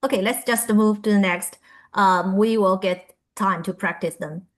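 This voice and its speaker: A woman presenting a pronunciation workshop, reading sound lists aloud with frequent filler pauses. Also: mid-range voice, fairly even intonation.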